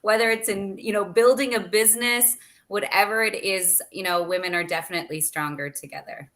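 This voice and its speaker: A woman's voice: mid-range voice, steady tone, brisk, a bit bright. A woman with a Canadian accent hosting a business summit panel, talking with enthusiasm and a promotional push. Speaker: host.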